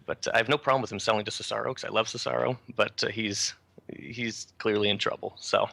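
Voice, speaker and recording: A man's voice: fairly low pitch, steady tone, fast, gravelly, bright, forceful tone, dry recording. A man from Canada co-hosting a casual wrestling chat over a call, laid-back and hesitant, laughing often. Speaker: podcast co-host. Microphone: remote call.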